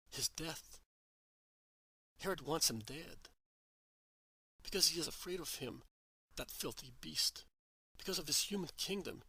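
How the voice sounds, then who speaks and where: Guy reading joseph, devoted gentle husband, calm earnest reassurance, kinda raised pitch, dry close sound. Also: slightly rough, no echo, exaggerated voice, rough recording. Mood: reassuring.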